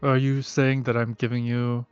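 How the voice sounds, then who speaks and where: A man's voice: mid-range voice, little pitch movement, moderate pace, a little mellow, smooth, muffled recording, soft background music, natural voice. A man voicing a defensive young male dealer standing his ground. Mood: defiant. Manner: defensive, defiant. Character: defiant young man dealing shady goods.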